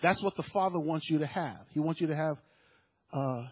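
Husky, animated male preacher. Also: fairly high pitch, normal speed. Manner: animated, rising to shouts of praise, acts out quoted voices. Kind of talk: sermon.

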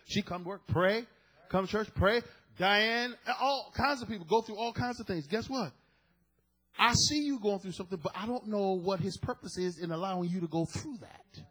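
A man's voice: sits high, moderate pace, a bit bright, low-quality recording. A man preaching a sermon, reading scripture and calling out to the congregation. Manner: preaching with call-and-response to the congregation. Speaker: pastor.

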